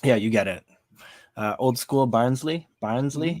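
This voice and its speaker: A man's voice: mid-range voice, measured pace, darkish tone. A man co-hosting a podcast, reading out viewer comments in casual chat, laid-back and often trailing off.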